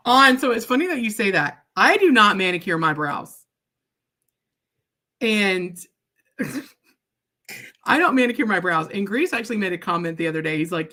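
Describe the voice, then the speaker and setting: A young woman hosting a casual live stream from her craft space, talking frankly as she works. Her voice swings up and down, lively and expressive. She laughs a lot and keeps asking "right?" to her viewers. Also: mid-range voice, moderate pace, pauses often. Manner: chatty and blunt, laughs often, says "like" and "right?" a lot.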